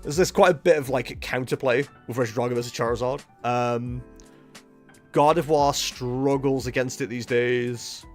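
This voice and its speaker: A man's voice: medium pitch, steady tone, moderate pace, faint music behind. A man at home streaming a card game, chatting casually in a rambling, self-mocking way. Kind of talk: casual live-stream commentary.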